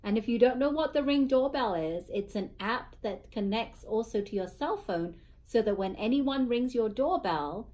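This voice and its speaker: A woman's voice: on the high side, animated, moderate pace, few pauses, mellow. A woman co-hosting a casual chat, adding short remarks and agreeing with her partner. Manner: chimes in with short agreeing asides. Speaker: co-host.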